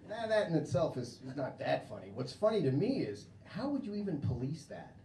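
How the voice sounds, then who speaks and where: A man's voice: on the high side, sing-song, moderate pace, a little mellow, far from the mic, a little hiss or hum. An American man doing a stand-up comedy set in a club, crude and conversational, laughing at his own jokes. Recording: echoey club with crowd laughter.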